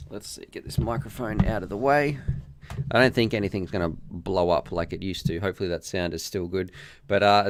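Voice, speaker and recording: A man's voice: lowish voice, fairly bright tone, clean tone. An Australian man hosting a casual live stream, chatty and upbeat as he thinks aloud.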